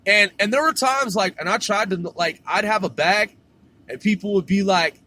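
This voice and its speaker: A man's voice: sits high, normal speed, sharp tone, a little hiss or hum. A man telling a story casually, swearing and saying "man" at the end of his sentences. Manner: profane, drawling, says "man" constantly.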